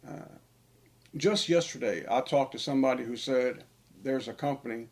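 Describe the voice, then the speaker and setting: A man's voice: mid-range voice, normal speed, darkish tone. Emphatic man preaching in a drawl. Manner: emphatic, preachy, repeats phrases for stress. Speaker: online preacher. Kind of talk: sermon-style monologue.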